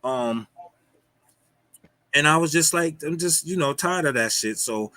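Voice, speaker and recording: Bright-voiced man telling street stories. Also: on the high side, animated, measured pace, no room sound. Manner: storytelling, loose street slang, lots of "yo". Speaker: guest. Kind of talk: casual livestream talk. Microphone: streaming call mic.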